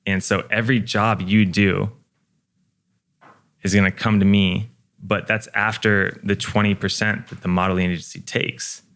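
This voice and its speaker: A man's voice: fairly low pitch, little pitch movement, normal speed, a bit bright. A young man, a guest, chatting casually on a podcast in a laid-back, profane way full of fillers.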